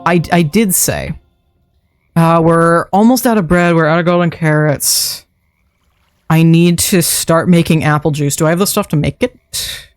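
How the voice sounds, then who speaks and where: A man's voice: a little high, a little slow, clear, resonant tone, dry recording, clean studio sound. Chatty man streaming a game. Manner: chatty, muttering thoughts aloud while playing. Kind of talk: live game-stream commentary. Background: faint background music.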